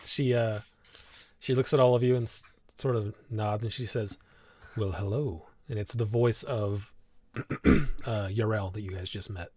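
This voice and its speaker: A man's voice: fairly low pitch, fairly even intonation, measured pace, darkish tone, dry recording. Laid-back male game master. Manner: laid-back narration with frequent laughs and fillers. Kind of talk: narrating a tabletop game.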